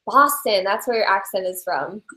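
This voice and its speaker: A woman's voice: medium pitch, moderate pace, sharp tone. A woman hosting a team call, asking friendly questions with lots of "um". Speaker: host. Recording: echoey room sound.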